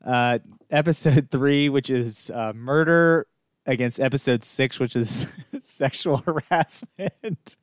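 A man with a smooth, clear voice talks in a relaxed, easygoing way and laughs often. The recording is dry and close, with no room sound. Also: mid-range voice, takes it slowly, dry recording. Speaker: podcast co-host. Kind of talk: casual chat.

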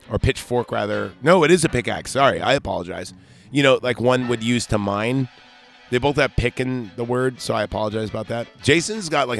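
A man's voice: on the low side, fairly bright tone. A man hosting a podcast, recapping a horror movie in a rambling, joking way with lots of fillers. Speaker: podcast host.

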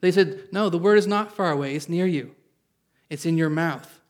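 During a church service, a male pastor with a fairly high voice preaches at normal speed. He reads scripture aloud, explains it simply and calls on the congregation to say amen.

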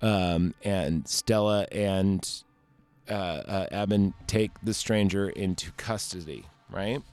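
A man's voice: sits low, slow, darkish tone, faint music behind. A man casually recapping a movie, rambling and joking, with lots of fillers and swearing. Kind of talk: casual chat.

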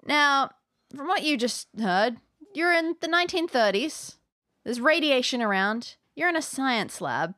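Woman game master, playful narrator, slightly high voice, dry close sound. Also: expressive, a little slow, sharp tone, dry recording. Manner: playful, descriptive, laughs easily. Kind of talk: narrating an interactive adventure game.

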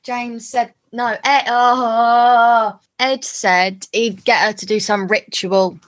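A young woman co-hosting a podcast, playful and quick to laugh and riff on jokes. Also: fairly high pitch, steady tone. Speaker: podcast co-host. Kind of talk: casual chat.

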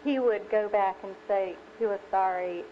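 A woman adding a personal story to a parenting talk, earnest and halting in long run-on sentences. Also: mid-range voice. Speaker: co-presenter, speaker's wife. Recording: dull lo-fi recording with faint noise.

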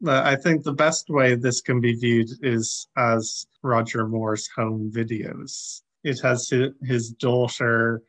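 A man co-hosting a film podcast, talking through a movie in a measured, dry way. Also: medium pitch, a bit bright. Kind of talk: casual film review chat.

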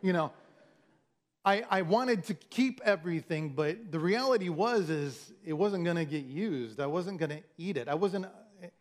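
A man preaching a sermon in a conversational, storytelling way, often restarting his words and acting out the lines of others. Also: a little high. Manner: conversational, storytelling with acted-out quotes. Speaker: pastor.

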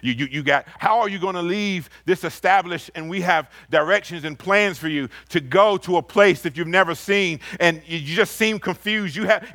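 A man preaching a sermon and reading scripture aloud, swinging from loud emphatic rises to low, quiet asides. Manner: reads scripture aloud slowly.

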